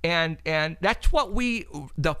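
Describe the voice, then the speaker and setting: A man's voice: a little high, lively intonation, takes it slowly, pushed and bright, clear, resonant tone, no room sound. A man hosting a paranormal talk show, telling a long story in a rambling way, repeating words and laughing often.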